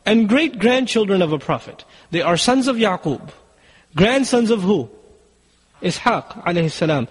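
A man's voice: high-pitched, husky, big-room sound, poor audio. A man giving a sermon in an urgent, exhorting way, asking the listeners rhetorical questions. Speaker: preacher.

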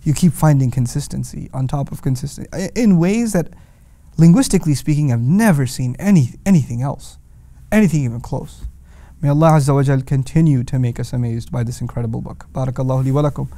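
A man lecturing on the Quran's wording who asks lively rhetorical questions and slips into Arabic recitation. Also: medium pitch, fast, no room sound. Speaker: Quran teacher.

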